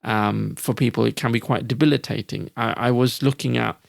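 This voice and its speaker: Gravelly, reflective man on a podcast. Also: medium pitch, steady tone, fairly quick, dry recording, studio quality. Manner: reflective, hesitant, frequent restarts. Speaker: podcast co-host. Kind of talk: casual podcast discussion.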